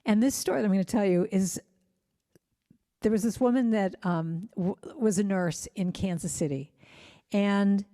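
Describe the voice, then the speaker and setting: A middle-aged woman giving a gentle, heartfelt inspirational talk in a church, telling personal stories. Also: medium pitch, normal speed. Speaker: singer-songwriter speaker.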